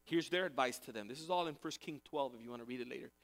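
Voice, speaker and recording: A man's voice: mid-range voice, fast talker, a bit bright. A male pastor preaching a sermon in a conversational way, repeating key phrases for emphasis.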